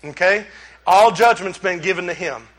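A man preaching a sermon, addressing the congregation as y'all and swinging between loud exclamations and hushed asides. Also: high voice, normal speed. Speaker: pastor.

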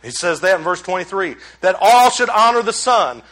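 A man preaching a sermon, addressing the congregation as y'all and swinging between loud exclamations and hushed asides. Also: sits high, very animated, moderate pace. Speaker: pastor.

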